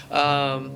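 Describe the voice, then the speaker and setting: A man's voice: mid-range voice, creaky, fairly bright tone. A man, a filmmaker interviewee, telling a casual anecdote in a rambling way full of fillers. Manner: rambling, filler-heavy storytelling.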